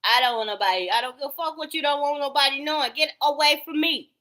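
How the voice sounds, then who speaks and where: A woman's voice: sits high, quick pace, pushed and bright. A woman ranting straight to camera in a profane, rambling, heated way.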